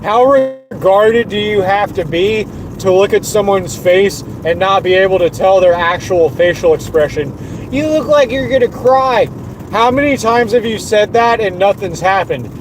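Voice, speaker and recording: Angry streamer, male, high voice, repetitive and profane rant. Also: moderate pace, hardly any pauses, background noise.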